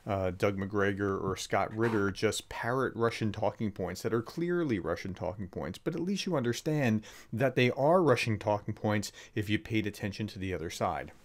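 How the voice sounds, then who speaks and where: A man, a professor, giving casual video commentary on a clip, conversational with sarcastic, emphatic rises. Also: on the low side. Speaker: professor explaining war context.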